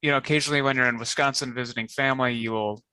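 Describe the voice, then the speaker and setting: A man's voice: medium pitch, steady tone, rapid-fire, bright, forceful tone, smooth, dry recording. A man co-hosting a comedy video show, chatting loosely with frequent laughs. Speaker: co-host. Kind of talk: casual banter.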